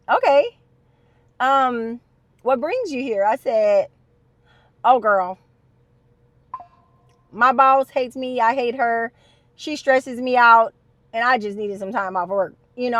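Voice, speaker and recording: Chatty high-voiced woman telling a story. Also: no room sound. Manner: animated, chatty, addresses viewers as y'all. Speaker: storyteller vlogger. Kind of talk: casual story time.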